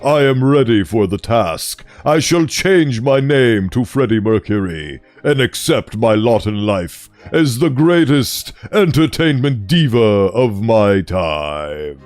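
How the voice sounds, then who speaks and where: A man voicing a solemn worker ant who speaks with grand, theatrical slowness. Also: mid-range voice, sing-song, a little mellow, dry recording, pitched below the performer's own voice. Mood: grandiose.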